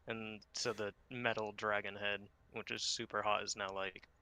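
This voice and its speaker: A man's voice: lowish voice, level tone, normal speed, pushed and bright, clear, resonant tone. A man describing his character's actions in a tabletop game, loose and full of fillers. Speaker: player. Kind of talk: casual role-play talk.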